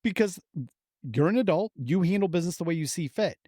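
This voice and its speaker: A man's voice: high-pitched, expressive, warm tone, no echo, clean studio sound. A man in his forties co-hosting a podcast, chatting casually, swearing often and working himself up into heated rants. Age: 40s. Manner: profane, heated ranting, quick to laugh. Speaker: podcast co-host.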